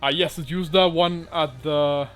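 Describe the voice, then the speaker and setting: A man running a tabletop game, talking in a casual, unpolished way with plenty of fillers and swearing. His voice is bright and clear, and soft music plays in the background. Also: fairly high pitch, fairly even intonation, slow. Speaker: dungeon master.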